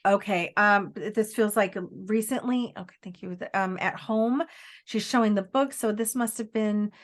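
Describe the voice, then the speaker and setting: A woman working as a psychic medium, giving a live spirit reading in a halting, searching way with many fillers, often quoting the spirit. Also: mid-range voice. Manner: relays messages by quoting the spirit in first person.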